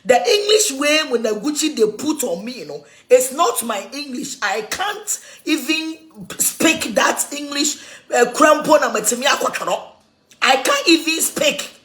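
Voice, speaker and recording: A woman with a Ghanaian accent in an animated, mocking rant, laughing mid-sentence and switching between languages. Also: high voice, measured pace.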